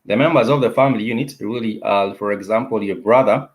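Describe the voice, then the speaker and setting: With a lowish voice, this man leads a relaxed online language class, explaining things patiently. He says the important words slowly and more than once, frequently starting over with hesitant fillers.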